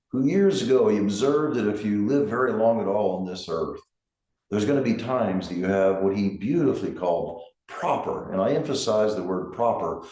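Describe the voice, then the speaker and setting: Middle-aged guy, grief counselor talk, low soft voice, roomy echo around him. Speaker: grief counselor and center director. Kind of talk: reflective talk to camera.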